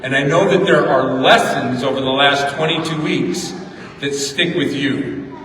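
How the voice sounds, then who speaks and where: A man's voice: mid-range voice, measured pace, fairly bright tone, recorded from a distance. Middle-aged man giving a speech in an echoey hall. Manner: storytelling, repeats words for emphasis. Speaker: graduation speaker. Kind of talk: motivational speech. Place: large hall at a ceremony.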